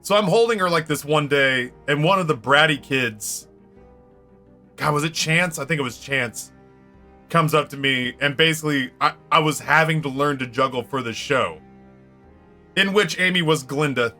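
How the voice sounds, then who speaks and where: A man with a bright, fairly high voice spins a rowdy tale while streaming a game. He swears freely and breaks into laughs. Faint music plays behind him. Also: moderate pace. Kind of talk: casual storytelling during a game stream.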